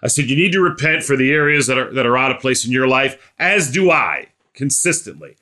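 A man's voice: mid-range voice, sing-song, fairly quick, sharp tone. A man preaching a sermon, telling a story and building to emphatic exhortation.

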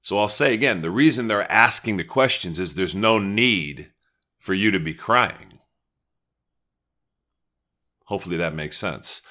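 Man, pastor, sermon, deep voice, bright tone, conversational teaching. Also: lively intonation, moderate pace, pauses often. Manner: conversational teaching with prayerful asides.

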